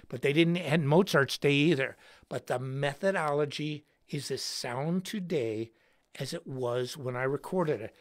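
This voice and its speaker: A man hosting a livestream and telling a story in an excitable, slangy way, shouting words for emphasis. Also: on the high side, moderate pace. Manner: slangy, says dude and bro. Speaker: host and guitarist.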